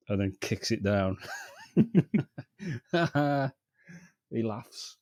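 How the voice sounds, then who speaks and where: A man's voice: mid-range voice, lively intonation, drawn-out words, pauses often, a little mellow, no room sound, studio quality. A man co-hosting a podcast, riffing sarcastically with lots of swearing and laughs. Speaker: podcast co-host. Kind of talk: casual chat.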